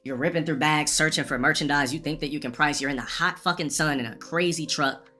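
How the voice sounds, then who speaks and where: Fast-talking, profane male streamer. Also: a little high, pushed and bright, soft background music. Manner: rambling, profane, restarts often. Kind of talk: casual storytelling rant.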